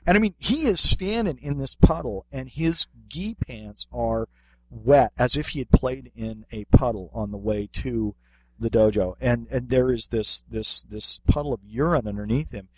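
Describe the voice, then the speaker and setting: A man's voice: mid-range voice, normal speed, dry recording. A man co-hosting a podcast, telling a funny story in casual chat with lots of fillers and restarts. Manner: animated anecdote telling with many fillers. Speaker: podcast co-host, martial arts instructor.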